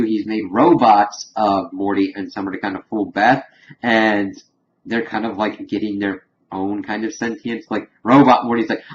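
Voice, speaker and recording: A man casually recapping a cartoon episode in a rambling way, full of fillers and quick acted quotes. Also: fairly low pitch. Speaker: reviewer. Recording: dull lo-fi home recording with faint hiss.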